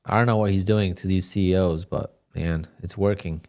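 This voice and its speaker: A man casually chatting on his live day-trading stream, relaxed and talkative, reading viewer questions aloud and answering them. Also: sits low, moderate pace. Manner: laid-back, chatty, reads chat questions aloud.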